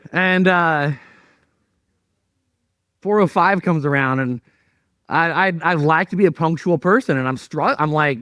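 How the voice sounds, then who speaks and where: A male pastor telling a personal story in a sermon, animated and self-mocking as he acts out his own thoughts. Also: on the high side, moderate pace, no echo, studio quality.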